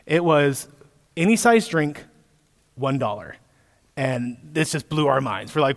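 A man in his thirties, a pastor giving a sermon, telling stories with lively asides to his listeners. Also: fairly high pitch, unhurried, pauses often. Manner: storytelling with animated asides to listeners. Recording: echoey hall, long reverb.

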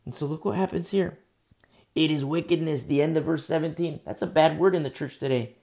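A man's voice: fairly high pitch, fast talker, vocal fry, dark tone. A man preaching a conversational sermon, emphatic and full of rhetorical questions.

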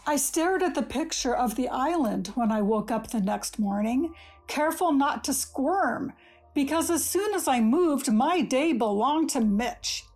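A woman reading a first-person short story aloud in a gentle, measured storytelling manner. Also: high voice, expressive, soft background music. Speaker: story reader.

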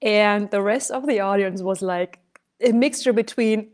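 Woman, speech coach, casual teaching talk, expressive, mid-pitched voice. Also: measured pace. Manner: expressive storyteller, shifts loudness to illustrate points.

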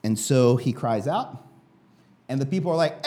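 A man's voice: medium pitch, animated, moderate pace, dark tone. A male pastor giving a sermon in a casual, conversational way with many fillers.

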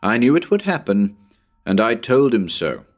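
A man doing a squeaky, cranky old professor. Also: normal speed, faint music behind. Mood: severe. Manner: severe, contemptuous, excitable.

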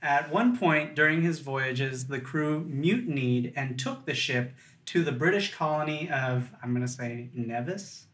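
A man hosting a casual podcast, reading historical notes haltingly and stumbling over names. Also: a little high, a bit bright, roomy sound, far from the mic, low-quality recording. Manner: reads facts haltingly, stumbles on names, laughs along. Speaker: podcast host reading research.

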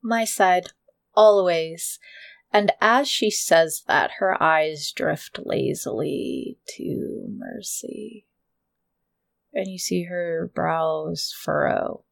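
A woman narrating a tabletop game as game master in a slow, low-key descriptive way. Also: animated, gravelly, fairly bright tone, no echo, clean studio sound.

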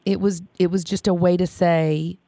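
A woman's voice: on the low side, level tone, moderate pace, warm tone, dry recording, studio quality. A woman chatting casually about parenting, with lots of fillers and restarts and frequent laughter.

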